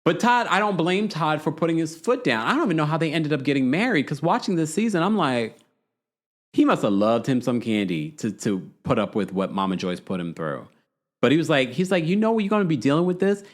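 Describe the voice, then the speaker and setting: A man hosting a podcast, casually recapping a reality show in an animated, gossipy way and laughing often. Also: fairly high pitch, brisk. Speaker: podcast host.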